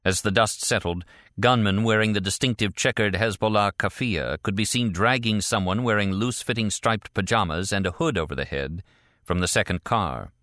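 This thriller audiobook narration comes from a man with a fairly low pitch who reads the script in an even, measured storytelling style. It's a dry, studio-quality recording.

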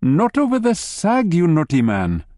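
A man voicing a brisk, bossy wife who chides her husband in a bright, teasing way. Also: on the low side, wildly swooping pitch, no echo, studio quality, pitched above the performer's own voice. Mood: chiding. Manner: bright, chiding.

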